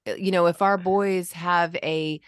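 A woman talking casually about parenting on a podcast, demonstrating calm ways to speak to children. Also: on the low side, unhurried, clean tone, no room sound, clean studio sound. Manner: demonstrates vocal registers and calm commands.

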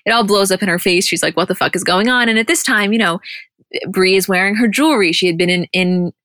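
A young adult woman co-hosting a podcast, retelling scenes in an animated, casual way and swearing freely. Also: mid-range voice, quick pace, no room sound, studio quality. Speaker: podcast co-host. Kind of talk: casual recap chat.

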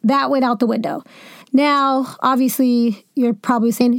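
A young woman hosting a sports podcast, venting about a football game in a jokey, animated way with asides. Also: sits high, moderate pace, creaky, dry recording, studio quality. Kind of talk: casual sports commentary.

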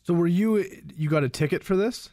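A man's voice: high voice, fairly quick, dark tone, dry recording. A man giving employment law advice to a caller, hesitant with many uhs and restarts. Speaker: employment lawyer. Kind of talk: call-in advice.

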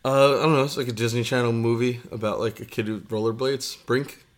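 A man's voice: mid-range voice, fairly even intonation, fairly quick. This is a man chatting casually as a podcast co-host while under the weather, his voice wearing thin. His talk rambles along, salted with swearing and frequent laughter. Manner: rambling, profane, laughs often. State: unwell, voice giving out.

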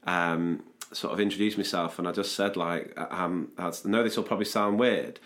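Chirpy podcast host. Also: male voice, deep voice, normal speed, a bit bright. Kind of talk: casual chat.

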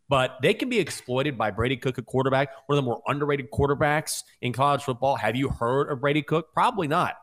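A man's voice: medium pitch, a bit bright. A man co-hosting a sports betting podcast, breaking down his picks with confidence and a few self-mocking dad jokes. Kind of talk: casual sports betting talk.

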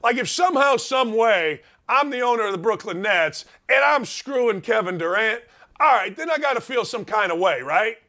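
A man's voice: sits high, lively intonation, moderate pace, pushed and bright. A middle-aged man hosting a sports talk show, delivering an emphatic, opinionated monologue full of rhetorical questions.

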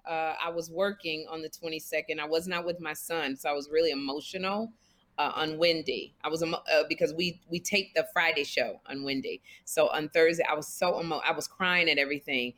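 A woman co-hosting a casual chat, telling a personal story with slow, drawn-out emphasis. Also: low voice, fairly even intonation, a bit bright. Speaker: co-host.

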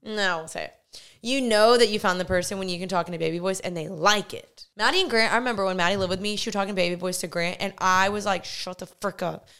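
A woman's voice: medium pitch, fast, bright, forceful tone, clear, resonant tone. A young woman hosting a casual podcast chat, playful and teasing, tired and run down. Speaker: podcast host.

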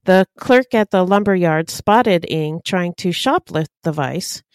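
Smooth-voiced woman reading case notes. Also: on the low side, measured pace, no room sound, studio quality. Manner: steady, matter-of-fact reader. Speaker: podcast co-host.

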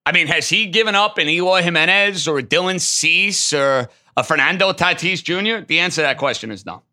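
Bright, emphatic sports radio host man. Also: fairly high pitch. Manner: emphatic, animated, quick to riff. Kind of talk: call-in sports talk.

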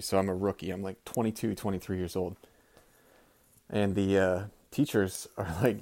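Brief: a man in his thirties, low voice, tells a story with lively acted-out quotes. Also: fairly quick. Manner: animated, swears, acts out quotes. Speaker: former teacher sending in a story. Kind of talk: casual storytelling.

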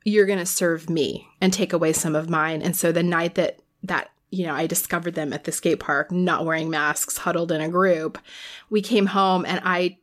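A parent of teenagers, this woman has a lowish voice with fairly even intonation and speaks at a normal speed. Her casual chat is frank and exasperated, broken up by occasional self-deprecating laughs.

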